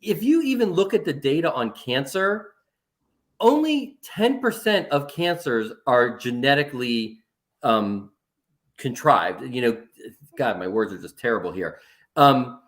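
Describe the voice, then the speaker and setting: A man making emphatic points in a casual discussion about mental health, repeating phrases for stress. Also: on the high side. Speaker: panel speaker on mental health.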